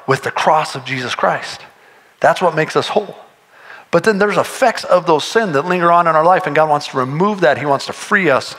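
Man preaching, earnest, conversational, restarts sentences, bright tone. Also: on the high side, rough recording. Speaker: pastor. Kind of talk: sermon.

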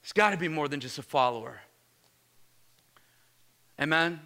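Man, pastor, energetic sermon, casual slang, high voice, bright tone. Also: normal speed, creaky. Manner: energetic, casual slang, repeated "Amen?" calls.

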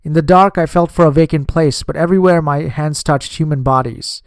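A man narrating a memoir in a measured, steady audiobook reading on a close microphone. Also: fairly high pitch, no echo.

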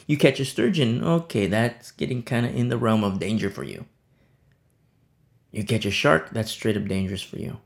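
A male pastor with a gravelly, creaky voice at a mid pitch. He preaches in a loose, conversational way and drives his points home by repeating them. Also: normal speed. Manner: conversational, repetitive emphasis. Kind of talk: sermon.

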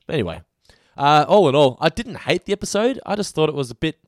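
A man's voice: a little high, sing-song, fast talker, no echo, studio quality. A man co-hosting a podcast in casual chat, rambling with frequent restarts. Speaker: podcast co-host.

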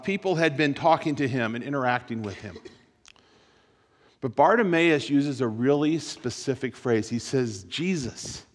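A man giving a sermon-style talk to students, telling a story with lots of repetition and shifting between loud and hushed delivery. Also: a little high, in a large hall. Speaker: speaker at a school gathering.

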